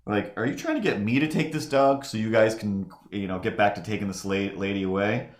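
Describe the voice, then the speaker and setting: Brisk and low-pitched, this man's voice reverberates as he recounts a long, casual anecdote during a live drawing stream. He rambles, restarts, leans on "like," and performs the people in the story.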